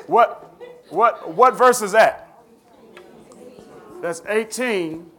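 A man's voice: sits high, drawn-out words, pushed and bright. A man teaching a Bible study, questioning his listeners in a conversational way and laughing often.

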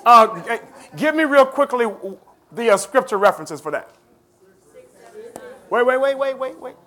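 A man's voice: very high voice, expressive, moderate pace, pushed and bright, some chatter behind. A man teaching a Bible study, questioning his listeners in a conversational way and laughing often.

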